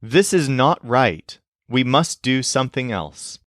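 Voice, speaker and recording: A male teacher walks through grammar in a calm, scripted lesson. He speaks slowly, with a lively, rising and falling pitch. The sound is dry and close. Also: no echo. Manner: slow, clear explanatory delivery. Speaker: language teacher.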